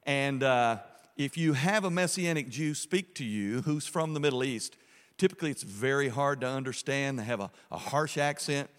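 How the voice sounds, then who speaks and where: A man's voice: mid-range voice, normal speed, fairly bright tone, clean tone. A man hosting a church gathering, introducing the guest speaker in a casual, informal way with frequent fillers. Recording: long hall reverb.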